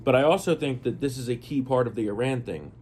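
Hoarse-voiced male podcast co-host. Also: medium pitch, fast, darkish tone, a little hiss or hum. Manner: opinionated, talks in lists with fillers. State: losing his voice. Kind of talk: casual political chat.

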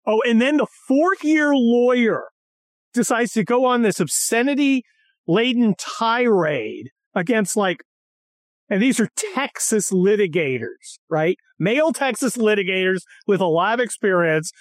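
A woman in casual, profane chat, animated and mocking. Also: a little high, measured pace, dry recording, studio quality.

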